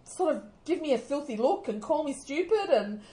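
An Australian woman co-hosting a podcast, telling stories in a casual, animated way and often laughing as she talks. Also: high voice, normal speed. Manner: animated storytelling, often laughing mid-sentence. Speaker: podcast co-host.

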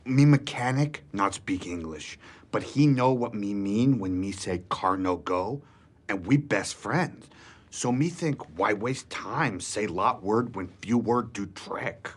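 An actor playing a slow-talking male office worker who drops small words and speaks in terse broken sentences, as in a sitcom. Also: lowish voice, lively intonation, breathy edge, exaggerated voice. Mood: deadpan. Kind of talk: sitcom acting.

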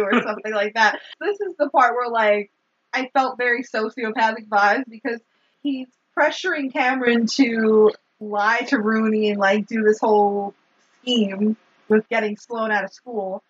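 Woman, podcast co-host, casual movie recap, husky and a bit high, does little character voices; dull lo-fi recording. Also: a little slow. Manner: animated retelling, acts out characters' lines, laughs often.

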